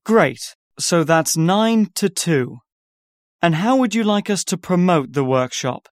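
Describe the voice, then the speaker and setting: A man's voice: high-pitched, lively intonation, takes it slowly, dry recording, clean studio sound. A man as an organizer in a scripted listening-test dialogue, repeating details back carefully. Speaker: workshop organizer.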